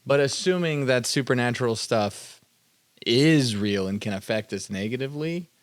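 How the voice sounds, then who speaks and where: A man's voice: medium pitch, animated, moderate pace. Male co-host, mid voice, blunt and argumentative, swears. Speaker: podcast co-host. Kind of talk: casual chat.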